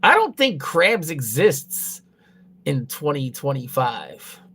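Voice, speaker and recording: A man's voice: on the high side, sing-song, slow, sharp tone, slightly rough. A young man chatting on a livestream, crude and blunt, swearing constantly and rambling loosely with restarts. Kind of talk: casual livestream chat.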